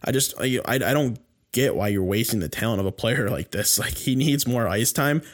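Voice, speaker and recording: A man's voice: medium pitch, moderate pace. A man co-hosting a sports podcast in casual chat, rambling and heated, with many restarts and fillers. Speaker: podcast co-host.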